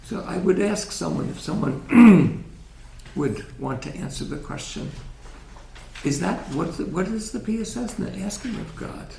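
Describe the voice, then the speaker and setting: A man giving a gentle, reflective religious lecture in a synagogue hall, often asking his audience questions. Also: high-pitched, animated, unhurried, vocal fry, a little hiss or hum.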